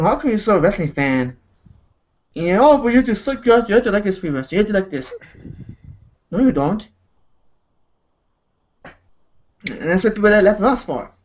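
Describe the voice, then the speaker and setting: A man's voice: fairly high pitch, highs cut off. A man hosting a casual chat show, ranting with heavy profanity and repeated words. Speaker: show host.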